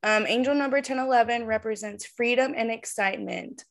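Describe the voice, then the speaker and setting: A woman co-hosting a casual podcast chat over a video call, animated and quick to laugh. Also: on the high side, creaky. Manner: giggly, animated, laughs often. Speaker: podcast co-host and tarot reader.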